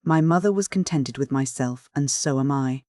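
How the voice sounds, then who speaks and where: A narrator voicing a weary, grumbling male coach driver who speaks gruffly and deliberately, in a storybook reading. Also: medium pitch, a little mellow, dry recording, studio quality, natural voice.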